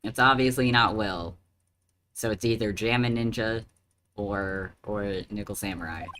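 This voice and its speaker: A man's voice: fairly low pitch, a little slow, pushed and bright. Chatty man streaming a game. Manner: chatty, joking asides. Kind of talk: casual game commentary. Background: background music.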